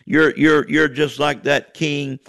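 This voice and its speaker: A man's voice: on the high side, steady tone, slow, creaky, fairly bright tone, no echo. A man preaching a fervent radio sermon, repeating phrases and calling out "amen" and "hey, listen" to his listeners.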